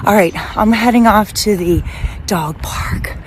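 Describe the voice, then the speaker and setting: A woman's voice: mid-range voice, a little slow, background noise. A woman in her fifties, a personal trainer, chatting casually to her phone camera in a rambling, upbeat way full of asides. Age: 50s. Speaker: personal trainer and bodybuilder vlogger. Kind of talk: casual vlog chat to camera.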